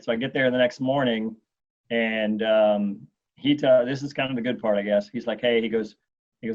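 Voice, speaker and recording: A man in his forties, a guest telling a long anecdote in an interview, animated and acting out what others said. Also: medium pitch, brisk. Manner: animated storyteller, acts out quotes. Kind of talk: storytelling in an interview. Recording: dull lo-fi sound.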